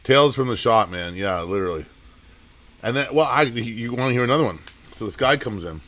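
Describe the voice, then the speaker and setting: A man's voice: mid-range voice, lively intonation, fairly bright tone. A man who owns a comic shop, running a live auction and telling rambling shop stories in casual chat. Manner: rambling storyteller, quick asides.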